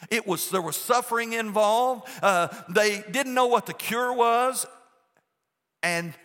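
A man's voice: very high voice, slow, fairly bright tone. A man, preaching a sermon as pastor in an emphatic, folksy storytelling way. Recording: long hall reverb.

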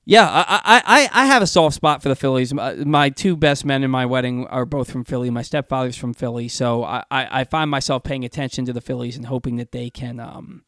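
Male sports radio host, animated and stumbling, dry close studio mic. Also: mid-range voice, a little fast, hardly any pauses, no room sound. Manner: animated, stumbles over words.

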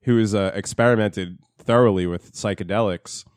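A man with a New Jersey accent, co-hosting a podcast in casual chat, talking fast and swearing as he tells stories. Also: fairly low pitch, fairly even intonation, smooth, no room sound, clean studio sound. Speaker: podcast co-host.

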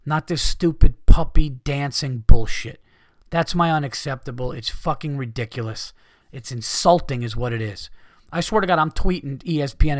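A man's voice: medium pitch, no echo, clean studio sound. A man hosting a podcast, ranting in a profane, exasperated way and mocking people by imitating them. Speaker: podcast host. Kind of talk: ranting monologue.

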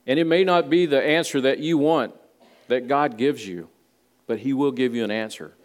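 A man's voice: medium pitch, moderate pace. A male pastor giving a conversational sermon in a church, with folksy asides to the congregation. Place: church sanctuary.

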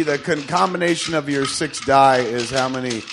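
A man's voice: medium pitch, moderate pace, background noise. Crude joking male game master. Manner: profane, joking, chuckling through his own setups. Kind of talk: casual crude tabletop game narration.

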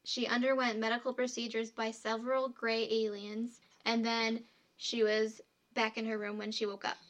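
A woman's voice: on the high side, level tone, moderate pace, a bit bright. A woman co-hosting a podcast, casually telling a true story and reading quotes aloud, with frequent fillers.

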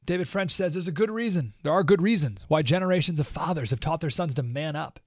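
A man with a slightly higher voice runs his own talk radio show, speaking into a studio mic in a dry, deadened booth. He lays out his opinions in an animated monologue. His tone is sarcastic and mocking. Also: quick pace, no room sound.

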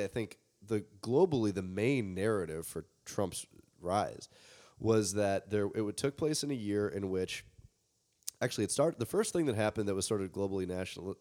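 A man's voice: lowish voice, dark tone. A man co-hosting a casual podcast, explaining political events in a wry tone with long asides. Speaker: podcast co-host.

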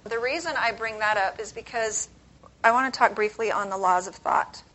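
A woman's voice: mid-range voice, moderate pace, fairly bright tone, poor audio. A woman speaking as an author at a conference, giving a conversational motivational talk and posing questions to the audience.

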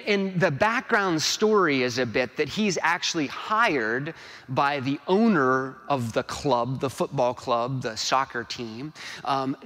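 A man's voice: a little high, a bit bright, big-room sound. A man giving a homily in a church, rambling with many restarts and tag questions.

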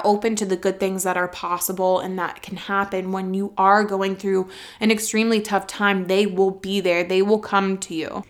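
A woman in her twenties telling a personal story candidly, blunt and quick to swear, and at moments holding back tears. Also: medium pitch. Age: 20s. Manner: emotional, fighting back tears at times.

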